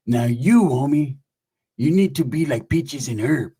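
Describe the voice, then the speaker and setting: A man doing a slow, drawling old gang veteran. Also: expressive, mellow, husky. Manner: slow, low, drawling, pompous.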